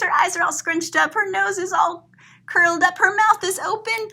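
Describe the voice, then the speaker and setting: A woman's voice: very high-pitched, moderate pace, sharp tone. A woman teacher reading a picture book aloud to children, dramatic and describing each picture aloud with gasps and exclamations. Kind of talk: expressive children's read-aloud.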